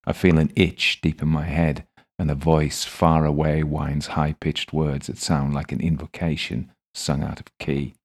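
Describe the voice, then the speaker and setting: A man calmly narrating a first-person audiobook story in a measured way. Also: very deep voice, slightly rough.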